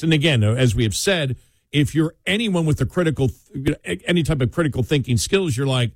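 A man's voice: fairly high pitch, animated, normal speed, dry recording, studio quality. A man hosting a political talk radio show, rambling with many restarts and fillers in an incredulous tone.

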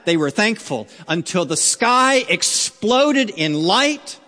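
A man preaching in a slightly high voice, unhurried and deliberate. He tells the story with earnest weight and lets some lines drop low and quiet. His voice trails off into a long, echoing hall reverb. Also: big pitch swings. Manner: slow, earnest storytelling with wide swings in loudness. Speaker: pastor. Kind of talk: sermon.

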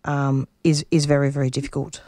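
A woman's voice: extremely low pitch, level tone, brisk, warm tone, dry recording, studio quality. A middle-aged woman who answers interview questions earnestly and reflectively, often restarting her sentences while she searches for words. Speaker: radio show producer and interviewee.

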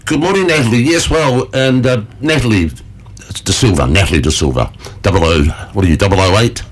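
A man with a fairly low voice chats on a morning radio show from the studio. He rambles through his stories with plenty of fillers and the odd chuckle. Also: fairly quick, a little hiss or hum. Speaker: radio presenter. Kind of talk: casual radio chat.

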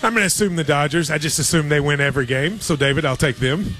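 A man's voice: fairly high pitch, quick pace, fairly bright tone, soft background music. A man hosting a sports radio betting segment, wry and joking. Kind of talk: casual sports chat.

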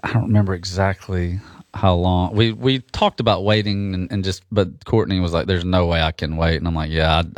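Low-voiced man chatting as a radio guest. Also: no echo, clean studio sound. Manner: relaxed and rambling, with many restarts and fillers. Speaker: guest musician. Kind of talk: casual radio interview.

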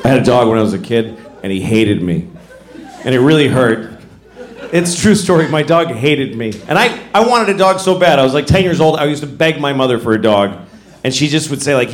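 Animated male stand-up comic, echoey venue. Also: on the high side, normal speed. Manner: animated storytelling with acted-out voices, often laughing. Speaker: stand-up comedian. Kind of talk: stand-up comedy routine. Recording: echoey venue with background noise.

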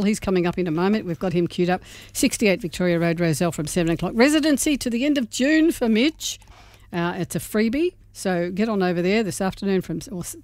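A man's voice: sits high, a little mellow, no echo. A man from Melbourne hosting a community radio show, chatting casually and reading out a gig guide with small slips. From Melbourne, Australia.

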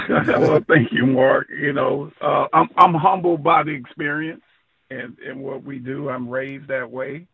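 Slow gravelly man on a phone line. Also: medium pitch, fairly even intonation. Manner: humble, slow and halting. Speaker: guest on phone. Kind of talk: radio call-in interview.

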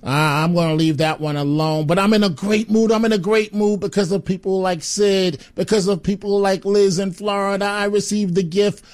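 Emphatic high-voiced talk radio host. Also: male voice, steady tone, normal speed, few pauses. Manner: emphatic, repetitive, openly sarcastic. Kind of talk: talk radio monologue and call-in. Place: radio studio.

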